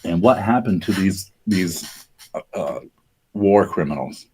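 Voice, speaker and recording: A man's voice: deep voice, expressive, measured pace, warm tone, slight background noise. A man hosting a live talk show, reading out history in a casual, joking way with lots of fillers and restarts. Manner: conversational, jokey asides, frequent fillers and restarts. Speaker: show host presenting research. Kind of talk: casual podcast commentary.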